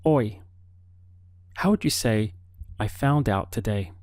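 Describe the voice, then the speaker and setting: A man teaching a Spanish lesson online, explaining slowly and modeling words syllable by syllable. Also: lowish voice, animated, no room sound, clean studio sound. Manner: slow, deliberate explaining with careful word-by-word modeling.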